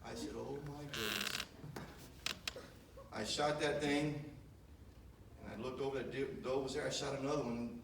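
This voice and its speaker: A man's voice: mid-range voice, fairly even intonation, fairly quick, vocal fry. A man telling a rambling, folksy hunting story at a memorial service, with many fillers. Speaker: son giving a memorial eulogy. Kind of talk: storytelling eulogy. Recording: echoey room from far off, noisy.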